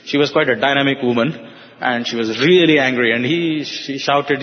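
An older man with an Indian English accent telling a personal story to an audience, halting, with fillers and restarts. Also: medium pitch. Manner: halting, with frequent fillers and restarts, voicing others in quotes. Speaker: speaker giving a personal testimony. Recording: dull, echoey hall sound.

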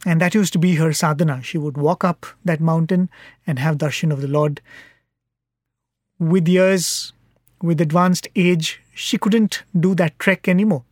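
A man's voice: high voice, dry recording, studio quality. Earnest man telling a devotional story. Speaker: devotional speaker.

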